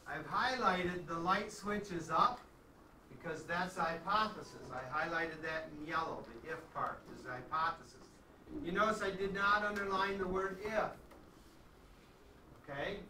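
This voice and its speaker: A man's voice: high voice, moderate pace, bright, forceful tone, slight background noise. A man teaching a math class in a conversational way, often checking in with his students. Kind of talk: classroom lecture. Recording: echoey classroom from far off.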